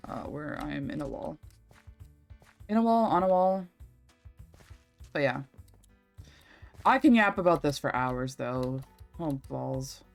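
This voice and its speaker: A woman's voice: low-pitched, animated, slow pace, vocal fry, long pauses, faint music behind. A young woman streaming a game, rambling and chatty, swearing freely as she talks. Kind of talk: casual livestream chat while gaming.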